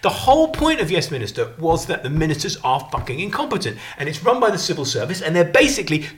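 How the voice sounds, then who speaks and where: Animated sweary man. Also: on the high side, quick pace. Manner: animated, sweary, lots of restarts and acted-out quotes. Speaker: podcast co-host. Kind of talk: casual chat.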